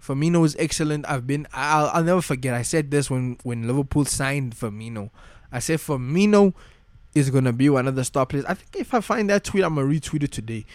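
Young male fan vlogger, mid-pitch, frustrated slangy rant, dry close recording. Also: animated, fairly quick, a little mellow, dry recording. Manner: frustrated, slangy, repeats himself. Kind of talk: casual rant.

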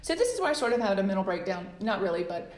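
Animated woman telling her story. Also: mid-range voice, fast talker. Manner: animated storyteller, acts out quoted letters. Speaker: interview guest, author. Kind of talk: casual storytelling interview. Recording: roomy echo.

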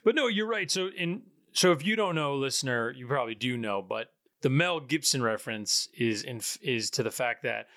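A man's voice: mid-range voice, animated, normal speed, hardly any pauses, bright, forceful tone, no room sound, studio quality. A man hosting a podcast in casual chat, rambling and correcting himself as he goes. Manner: rambling, self-correcting, chatty. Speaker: podcast host. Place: at home in Pittsburgh, remote call.

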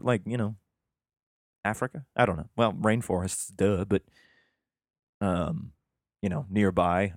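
Brief: low-voiced man, irreverent scripture commentary, sarcastic asides, dry close sound. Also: no echo. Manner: profane, rambling, sarcastic asides; slow emphatic reading of scripture passages. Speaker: podcaster reading and commenting on scripture.

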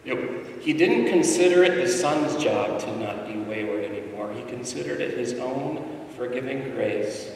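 Preacher in an echoey hall. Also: male voice, medium pitch, normal speed, far from the mic, a little hiss or hum. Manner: storytelling, swings from hushed to loud and emphatic. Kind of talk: sermon. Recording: echoey hall, mic from afar.

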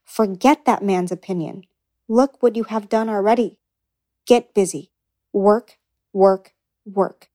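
A woman reading as a pair of talking shoes, insistent and encouraging. It is a storybook figure spoken at a middle pitch, close to the narrator's plain reading voice. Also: slow, long pauses, dark tone, dry recording, close to an everyday voice. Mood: urging.

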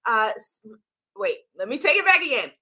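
Woman, livestream host, high bright voice, bubbly, enthusiastic, greets viewers by name. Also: sing-song, moderate pace. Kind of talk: live stream chat with viewers.

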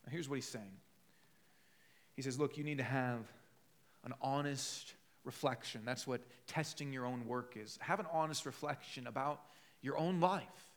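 A man's voice: mid-range voice, moderate pace. A man preaching a sermon in a conversational, storytelling way, acting out quoted voices. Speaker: pastor.

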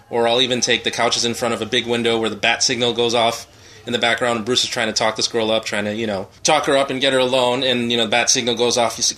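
Podcast host, male, bright and forceful tone, rambling comic storyteller. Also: mid-range voice. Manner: rambling storyteller, acts out quotes. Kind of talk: casual comedic chat.

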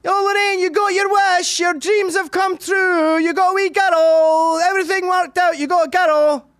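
A man acting out his father mockingly shouting at him in a high, strained voice. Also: fairly even intonation, normal speed, no echo, studio quality.

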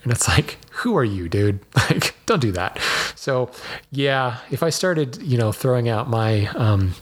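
Husky guy chatting on his podcast, wanders off topic a lot, easygoing. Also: medium pitch, a little slow. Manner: rambling, digressive, chatty. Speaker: podcast host answering listener mail. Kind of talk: casual podcast talk.

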